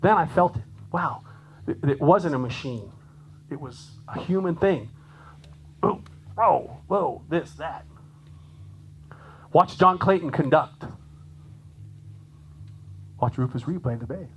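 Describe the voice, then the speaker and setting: Male jazz drummer leading a clinic, fairly high voice, animated and chatty, faint hum behind. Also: takes it slowly, pauses often, low-quality recording. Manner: animated, chatty, laughs often, acts out quoted voices. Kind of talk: lively conference clinic talk. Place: conference room with an audience.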